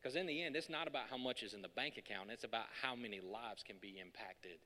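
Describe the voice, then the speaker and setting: Male pastor, sermon at a podium, casual and joking, then emphatic; bright voice, long hall reverb. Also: medium pitch, fast talker. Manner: conversational and joking, building to emphatic peaks. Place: church hall.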